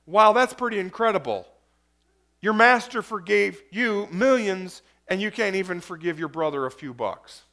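High-voiced man preaching a sermon. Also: animated, normal speed, sharp tone. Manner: conversational, asks the audience questions. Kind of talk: sermon reading scripture with commentary.

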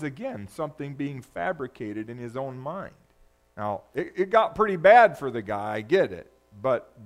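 A man preaching a sermon, moving between loud, urgent peaks and hushed, low passages. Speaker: pastor.

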